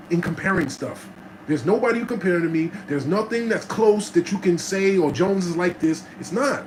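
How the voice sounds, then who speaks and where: An animated man tells stories in loose slang as an interview guest, often tossing in a quick "right?" His voice sits a little on the high side. A clear wash of background noise runs under the recording. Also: low-quality recording. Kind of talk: casual storytelling chat.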